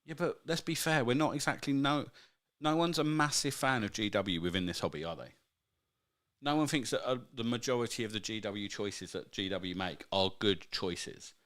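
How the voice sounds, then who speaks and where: A man's voice: fairly low pitch, moderate pace, fairly bright tone. Laid-back joking man, says mate. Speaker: podcast co-host. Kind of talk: casual chat.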